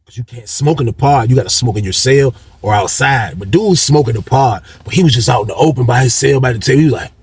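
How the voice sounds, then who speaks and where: A man's voice: mid-range voice, quick pace, hardly any pauses, breathy edge. A man telling a story in a slangy, casual way, acting out other people's lines. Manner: slangy, acts out dialogue with shifting voices.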